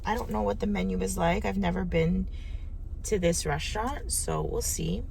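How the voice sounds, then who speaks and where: A chatty woman vlogger talks in an easy, rambling way, full of "um" and "like," from behind the wheel. She records on her phone in a moving car. Road noise hums clearly beneath her voice. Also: mid-range voice, moderate pace, a little mellow. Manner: chatty, rambling, lots of fillers. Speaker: lifestyle vlogger. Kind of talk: casual vlog storytelling. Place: inside a car while driving.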